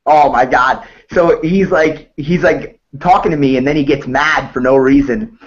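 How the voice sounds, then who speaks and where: A man's voice: fairly high pitch, normal speed, dull audio. A man, a jiu-jitsu instructor, chatting casually on a podcast and telling stories with frequent laughter. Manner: laughing, rambling storyteller.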